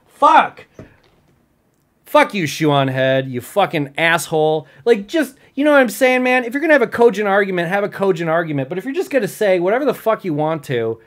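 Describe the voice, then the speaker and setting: A man's voice: sits high, animated, quick pace, few pauses. A stoned man vlogging live, reacting to a video in an irritated, rambling, profane rant.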